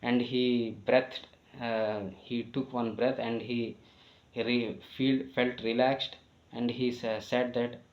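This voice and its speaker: A man narrates a devotional tale at a middle pitch, stopping often to correct himself and fill pauses. His voice sits in a roomy echo and sounds dull and lo-fi. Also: flat delivery. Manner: halting, many fillers and self-corrections. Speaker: storyteller. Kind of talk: devotional storytelling.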